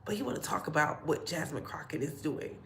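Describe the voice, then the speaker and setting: A woman's voice: low voice, big pitch swings, a little fast, fairly bright tone, slight background noise. A woman vlogger ranting bluntly and profanely in heated commentary, in an echoey room.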